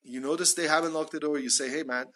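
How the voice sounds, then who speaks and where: A man teaching English phrases in a live online lesson, explaining each one and acting out example lines with sudden jumps in pitch. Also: moderate pace, bright, forceful tone. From Iran.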